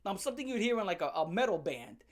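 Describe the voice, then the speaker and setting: A woman telling a comic story as a channel host, in a sarcastic, profane and animated rant. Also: mid-range voice, fast, a little hiss or hum.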